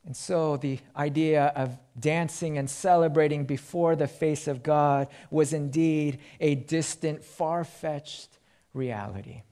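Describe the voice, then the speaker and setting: Slow, emphatic male preacher. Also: fairly high pitch, dark tone. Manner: slow, emphatic preaching with swells and drops in volume. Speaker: pastor. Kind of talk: sermon.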